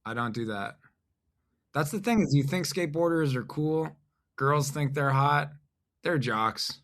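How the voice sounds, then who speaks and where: A man chatting as a podcast guest, speaking in a halting, deadpan, self-deprecating way. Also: a little high. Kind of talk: casual conversation.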